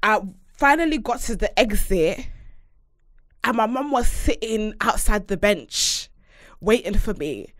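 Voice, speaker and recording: A woman's voice: medium pitch, animated, measured pace, no echo, clean studio sound. A woman hosting a podcast, telling a story in blunt, sweary, joking casual chat. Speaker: podcast host.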